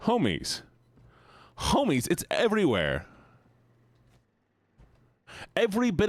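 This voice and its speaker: A young man streaming and chatting casually with viewers, rambling, swearing and breaking into sudden high-pitched outbursts. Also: huge pitch swings, a little fast, dry recording. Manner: rambling with restarts, talks to chat. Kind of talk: casual live-stream chat while gaming.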